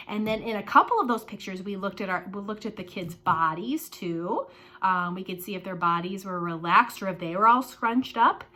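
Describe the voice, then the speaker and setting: A woman teaching a lesson to young children, animated and sing-song, with playful exclamations. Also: medium pitch.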